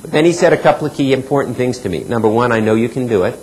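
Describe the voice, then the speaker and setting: A middle-aged man speaks at an ordinary, mid-range pitch, giving a motivational talk on healthcare. He tells stories and acts out the dialogue, sinking lower on the points he wants to land. A faint layer of background noise sits under his voice. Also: animated, very fast, darkish tone, poor audio. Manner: storytelling, acts out quoted dialogue, drops pitch for emphasis. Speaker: keynote speaker.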